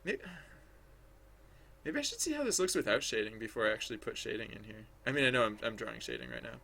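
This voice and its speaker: A man's voice: medium pitch, lively intonation, fast, gravelly, bright, forceful tone, a little hiss or hum. A man thinking aloud as he draws on a livestream, rambling and hesitant, full of restarts, chatting with viewers. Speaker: livestreaming digital artist.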